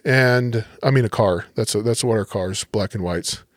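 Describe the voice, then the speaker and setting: A man's voice: lowish voice, normal speed, no echo. Male podcast guest, police officer, casual storyteller, dry studio sound. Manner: relaxed, animated storyteller acting out quotes.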